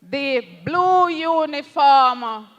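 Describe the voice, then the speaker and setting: A parliamentary candidate with a Jamaican accent gives an impassioned political rally speech, slow and emphatic, repeatedly turning to address the party leader. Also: high voice, long reverb tail, dull audio.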